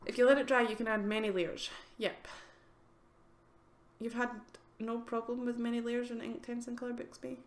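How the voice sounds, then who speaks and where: Streaming from her home art studio, a woman with a slightly high, level voice talks at a moderate pace, giggling and filling her answers to chat with ums. Her chatty stream has a roomy sound and faint ambience.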